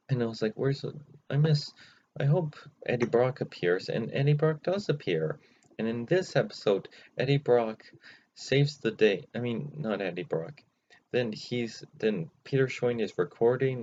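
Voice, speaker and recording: A man casually recapping cartoon episodes without a script, rambling and halting with many restarts, in a dull lo-fi recording. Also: medium pitch, lively intonation, a little mellow. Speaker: channel host recapping episodes. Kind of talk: unscripted recap. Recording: dull lo-fi recording, faint noise.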